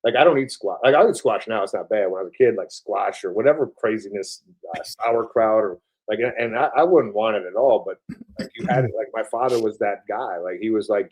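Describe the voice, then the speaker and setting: A military veteran in his forties speaks with a Buffalo accent softened by years in the South. His voice sits low and sounds warm and mellow. He rambles casually, full of "like" and restarts, with the odd swear word. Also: a little fast, husky. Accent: Buffalo mixed with Southern US. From upstate New York. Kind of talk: casual interview conversation.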